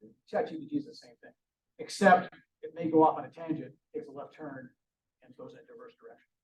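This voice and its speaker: A man's voice: on the high side, quick pace, a little mellow. A man giving a conversational conference presentation with frequent restarts. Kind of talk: conference talk. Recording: roomy, distant, dull sound.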